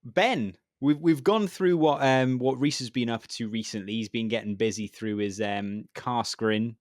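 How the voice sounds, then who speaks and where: A man's voice: mid-range voice, a little slow, no echo, clean studio sound. A man co-hosting a casual podcast, joking and bantering with his guest. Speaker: podcast co-host.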